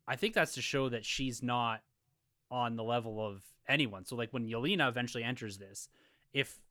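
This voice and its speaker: A man's voice: mid-range voice, moderate pace, bright, forceful tone, no echo, clean studio sound. A man co-hosting a casual round-table podcast, asking questions and prompting the others. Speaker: podcast co-host.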